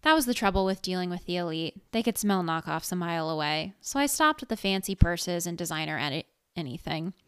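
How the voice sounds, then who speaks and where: A woman's voice: fairly low pitch, animated, brisk, hardly any pauses, a bit bright, clean tone, dry recording, studio quality. Wry woman narrating a story. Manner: wry, sarcastic and conversational. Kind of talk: first-person story narration.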